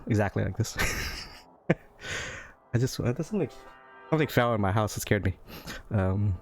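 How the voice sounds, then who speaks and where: A man's voice: fairly low pitch, animated, normal speed, long pauses, a little mellow. A man streaming a live playthrough of a text game, reading it aloud with a wry, amused manner and faint music behind.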